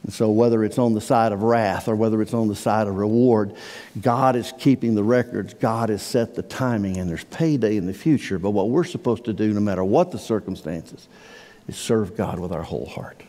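A male pastor preaching a sermon in a church sanctuary, swinging from hushed, slow lines to near-shouted outbursts. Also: fairly low pitch. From Iowa. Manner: impassioned preaching, swelling to near-shouts on quoted words. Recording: long hall reverb.

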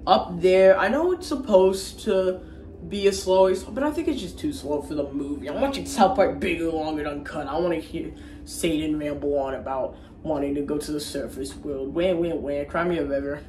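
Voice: medium pitch, moderate pace, darkish tone, distant mic. A rambling, foul-mouthed reviewer recaps a film off the cuff, doubling back on words as the thoughts come. The voice sits in a middling register. It bounces around an echoey room over faint ambient noise. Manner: rambling, crude and profane, with restarts. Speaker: movie reviewer. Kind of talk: casual movie recap. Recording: roomy echo, faint background ambience.

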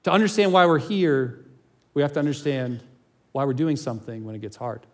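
A man's voice: medium pitch, a little fast. A man preaching a sermon as pastor, telling a Bible story in a casual, conversational way. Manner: conversational, chuckles while storytelling.

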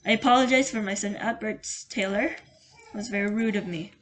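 A woman's voice: medium pitch, lightly acted. A woman reading as a formal male therapist. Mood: measured. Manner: polite, measured, formal reading.

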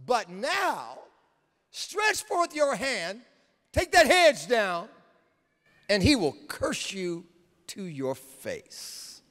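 A preacher putting on a sly taunting devil. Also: male voice, sits high, very animated, drawn-out words, a bit bright, in a large hall, pitched above the performer's own voice, full character voice. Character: sly male devil, smug tempter.

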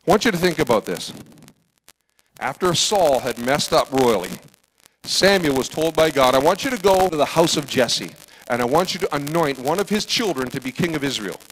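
A man preaching a sermon as pastor, acting out dialogue with big swings from loud to hushed. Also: on the high side, slight background noise, poor audio.

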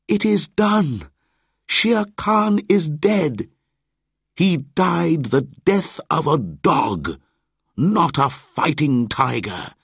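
A man voicing a bold young boy raised by wolves in a storybook reading, calling out in a high, excited voice. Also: slow, husky, dry recording, studio quality, full character voice. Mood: shouting triumphantly.

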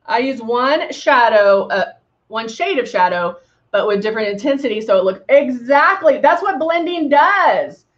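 Bubbly high-voiced woman demonstrating makeup. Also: animated, moderate pace, muffled recording. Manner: bubbly, chatty, with sound effects. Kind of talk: live makeup tutorial.

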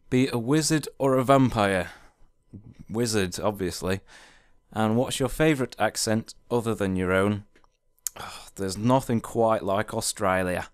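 A Yorkshire-accented man talks through a casual accent-tag video in a dry, wry and relaxed way. His voice sits low and comes across smooth and resonant. The sound is close and dry, with no room around it. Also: no room sound. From Yorkshire, England. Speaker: vlogger.

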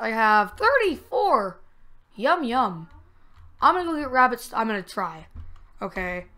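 A woman giving casual, rambling commentary while playing a video game, now and then breaking into excited yells. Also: medium pitch, clear, resonant tone. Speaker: gamer.

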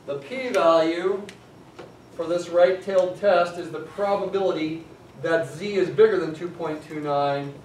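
A man's voice: on the high side, a little mellow. A man teaching a statistics class, talking conversationally and thinking aloud as he works through examples. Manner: conversational, thinks aloud with restarts, tells asides. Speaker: statistics lecturer. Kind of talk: classroom lecture. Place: lecture hall. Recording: echoey classroom, distant mic, faint hum.

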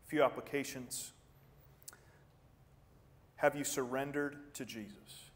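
A man preaching a sermon as pastor, earnest and animated, jumping up in pitch for emphasis and then dropping quiet, often repeating words as he starts a thought. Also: unhurried, long pauses. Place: church sanctuary. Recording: church sanctuary with long reverb.

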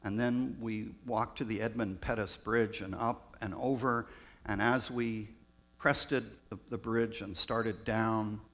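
A man, a pastor raised in Southern California, telling personal stories in a reflective sermon with pauses. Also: lowish voice, fairly even intonation, fairly bright tone. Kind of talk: storytelling sermon.

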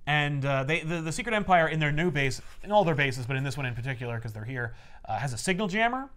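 Animated man recapping comics. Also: on the high side. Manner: animated, acts out characters in quick voices. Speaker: podcast host recapping comics. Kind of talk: casual comic recap chat.

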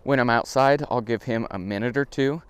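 A man's voice: fairly quick, smooth. Man explaining dog training, reverberant room. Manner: plain step-by-step explaining, with high praise bursts to the dog. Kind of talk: instructional demonstration. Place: indoors at a home, moving outside.

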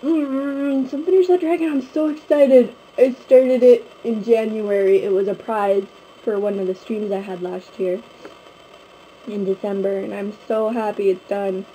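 Young woman, casual home vlog, mellow rambling chat, faint room hum. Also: medium pitch, steady tone, normal speed, rough recording. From Canada. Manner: rambling, chatty, many fillers. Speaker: vlogger. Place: at home, indoors. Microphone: handheld camera, close.

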